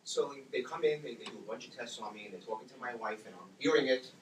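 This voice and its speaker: Man, forties, storytelling talk, fast-paced, acts out voices, distant mic, roomy hall, background noise. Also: medium pitch. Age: 40s. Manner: animated, acts out his own and others' words. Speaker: speaker telling his story to an audience.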